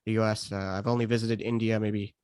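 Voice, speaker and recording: A man's voice: fairly low pitch, flat delivery, fairly quick, a little mellow, smooth, dry recording, clean studio sound. A man in his thirties from the United States, a stand-up comedian talking casually on a podcast with frequent restarts and fillers. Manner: hesitant, many restarts and fillers.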